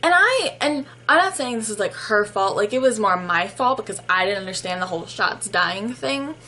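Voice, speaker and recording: A woman's voice: mid-range voice, animated, normal speed, pushed and bright, poor audio. A young woman telling casual stories about her barista job, chatty and full of fillers. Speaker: vlogger and barista. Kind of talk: casual storytelling.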